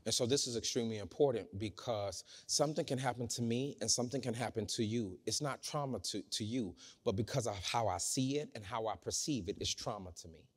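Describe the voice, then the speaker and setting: A man preaching a sermon in a church, swinging between loud shouting and low, hushed talk. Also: fairly quick, few pauses, husky. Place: church sanctuary. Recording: church hall reverb.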